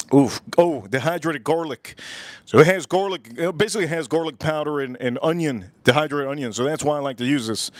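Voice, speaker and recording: An American man with a slightly high voice hosts a cooking livestream, running a live demo at a windy outdoor grill. He rambles and jokes, often repeating his phrases, and the recording is dry.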